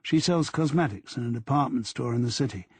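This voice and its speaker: A man's voice: mid-range voice, fairly quick, slightly rough, no room sound. A man voicing an earnest, deferential young male detective sergeant in an audiobook. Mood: reporting.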